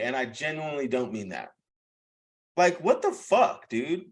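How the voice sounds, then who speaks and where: A young man talks on a live video call with a voice pitched a bit high for a man. He coaches in a blunt, casual way, throws in profanity, and keeps checking in with "okay?" and "bro.". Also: sing-song, moderate pace, low-quality recording.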